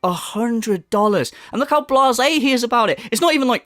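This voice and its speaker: A man rants through a commentary video, sarcastic and sweary. His voice sits a little high and jumps around in pitch, and the sound is dry and close. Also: sing-song, quick pace, few pauses, a bit bright, no echo. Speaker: commentary YouTuber. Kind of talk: ranting commentary.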